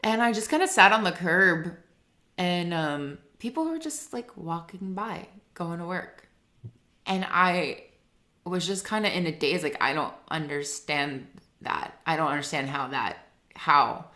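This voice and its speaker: A woman in her thirties speaks with a low voice but a bright, forceful edge. She talks as a guest songwriter in a loose, rambling chat, filling gaps with "like". She laughs easily and stays earnest. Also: unhurried. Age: 30s. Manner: rambling, heavy use of "like", laughs often; earnest and emotional. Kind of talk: casual interview chat.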